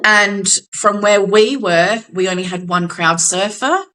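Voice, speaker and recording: A woman's voice: mid-range voice, unhurried, a bit bright, rough recording. A young Australian woman co-hosting a podcast, telling a gig story in casual chat, acting out quotes and swearing casually. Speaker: podcast co-host.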